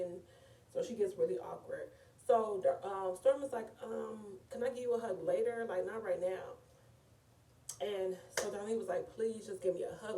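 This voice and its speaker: A woman chats through a reality show recap in a gossipy, animated way. Her voice is mellow and dark in tone. She sits back from the mic in an echoey room. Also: fairly low pitch, far from the mic. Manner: chatty, animated, often says "girl" and "like".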